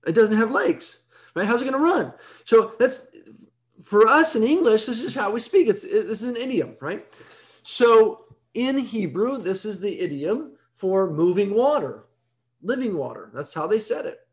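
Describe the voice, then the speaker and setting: A man's voice: high-pitched, very animated, moderate pace. A man giving an evening Bible teaching in a conversational way, explaining step by step and often checking in with "right?".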